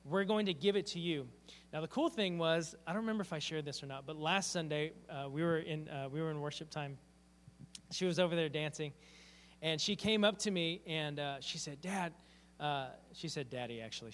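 A man's voice: a little high, a bit bright. A man preaching a sermon as a pastor, telling a personal story in an earnest, heartfelt way. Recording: long hall reverb.

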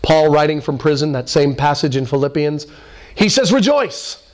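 A man preaching a sermon, animated, swinging his voice up for emphasis and acting out quoted voices. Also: fairly high pitch, moderate pace. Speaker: pastor.

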